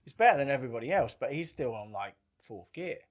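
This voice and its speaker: A middle-aged man telling a story casually on a podcast, animated, swearing freely and acting out quoted lines. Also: medium pitch, fast. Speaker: podcast guest.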